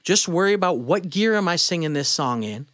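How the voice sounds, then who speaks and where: A man's voice: a little high, expressive, fairly quick, fairly bright tone, no echo, studio quality. A male vocal coach giving a casual singing lesson in a blunt, opinionated way, breaking off to demonstrate sounds with his own voice.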